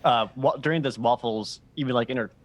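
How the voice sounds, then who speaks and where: Hesitant male player, mid-pitched, lots of "like". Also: a little fast. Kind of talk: playing a tabletop game.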